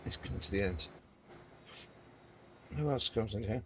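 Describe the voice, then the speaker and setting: A man's voice: on the low side, a little slow, background noise. A man hosting a gaming video, giving casual, rambling commentary and chatting to viewers as he plays.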